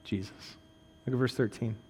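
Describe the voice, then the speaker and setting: In a big room with slight background noise, a male pastor preaches at a moderate pace with a steady tone. His sermon is conversational, peppered with humor and "right?" asides, and it shifts from raised intensity to quiet, low stresses.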